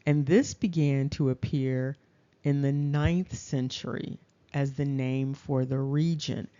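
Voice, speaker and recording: A woman talks through a lecture at a slow, measured pace. Her voice is warm and dark in tone, and she checks in with her audience as she goes. The recording sounds dull and lo-fi. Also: sits low. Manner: deliberate, checks in with "okay?". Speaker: lecturer presenting slides.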